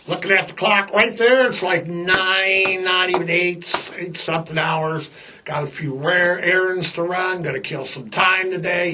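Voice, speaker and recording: A man's voice: a little high, pushed and bright, recorded from a distance. Blunt, rambling man podcast host. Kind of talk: casual podcast monologue.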